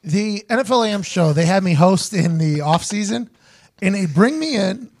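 A man hosting a podcast, telling a story in casual chat, quoting others in quick asides. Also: on the high side. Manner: animated, quotes people in quick asides. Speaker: podcast host.

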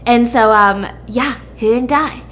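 A woman host casually recapping a drama plot with animated storytelling and quick asides to her co-host. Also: on the high side, slight background noise. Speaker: podcast host.

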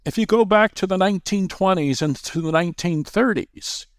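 A man who is a guest author, explaining his views in a measured, lecturing way. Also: high-pitched, smooth, no echo, studio quality. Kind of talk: interview conversation.

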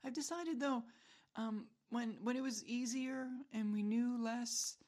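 A woman's voice: fairly high pitch, unhurried, darkish tone. Woman, middle-aged, solo podcast host, casual rambling monologue, wry self-mocking humor.

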